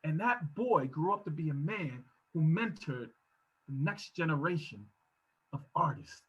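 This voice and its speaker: Bright, husky preacher-style man. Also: fairly high pitch, expressive, a little slow, muffled recording. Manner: preacherly, emphatic, rising to shouts. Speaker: guest speaker. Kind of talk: motivational talk. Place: home office.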